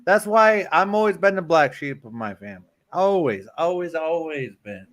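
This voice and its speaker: A man's voice: fairly high pitch, expressive, moderate pace, no echo. A man, a livestream guest joking around, repeating catchphrases and swearing heavily. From Michigan, US. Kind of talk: casual profane banter.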